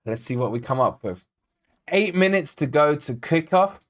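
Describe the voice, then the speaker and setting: Scottish-born guy hosting a football watch-along stream, chatty and excitable, reading out chat, slightly high voice. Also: normal speed. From Scotland. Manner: chatty, reads out chat names and predictions, excitable. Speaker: fan channel host.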